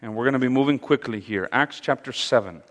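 A man leading an interactive Bible study, speaking haltingly with fillers and repeated words and putting questions to his audience. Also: medium pitch. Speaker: Bible teacher. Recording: long reverb of a large hall.

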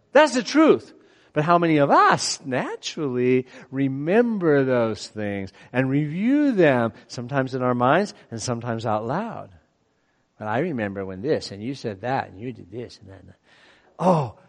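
A man's voice: fairly high pitch, in a large hall. A middle-aged man preaching a sermon in a conversational way, often asking his listeners questions. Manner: animated, conversational, asks the audience questions.

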